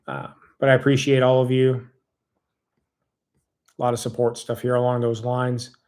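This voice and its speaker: A man's voice: medium pitch, flat delivery, normal speed, darkish tone. A man hosts a casual livestream, reading through viewer comments and thanking people one by one. His talk is rambling and heartfelt, with restarts where he loses his train of thought. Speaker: livestream host.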